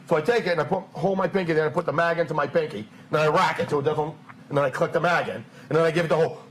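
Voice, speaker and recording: A man with a high-pitched voice tells stories on a live stream. He is animated and casual, and he acts out the people he quotes. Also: very fast, slight background noise. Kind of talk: casual storytelling chat.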